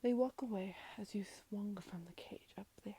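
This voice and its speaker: Whispered role-play, woman storyteller, breathy, gravelly fry, soft second-person narration. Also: medium pitch, normal speed. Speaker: voice actor narrating to the listener.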